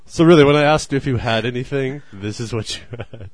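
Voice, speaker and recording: A man's voice: medium pitch, brisk, no room sound. A man hosting a casual podcast, teasing his co-host in a dry way and laughing often.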